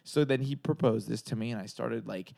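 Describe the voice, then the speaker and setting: Guy from socal rambling thru a crazy story, lots of likes and f-words, normal-pitched voice. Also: a little fast, vocal fry, a little mellow. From San Gabriel Valley, California. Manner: rambling, swearing, heavy filler words. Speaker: comedian guest. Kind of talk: casual storytelling chat.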